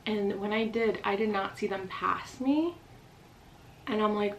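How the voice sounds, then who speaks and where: A woman vlogger telling a personal story in a casual, rapid style, full of "like" fillers. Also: mid-range voice, lively intonation, fairly bright tone, slight background noise, rough recording.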